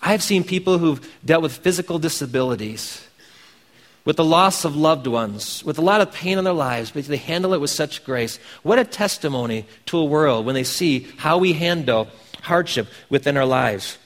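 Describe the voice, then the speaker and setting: A man's voice: on the high side, lively intonation, normal speed, in a large hall. A man preaching a sermon as pastor, earnest, pressing his points with emphatic questions.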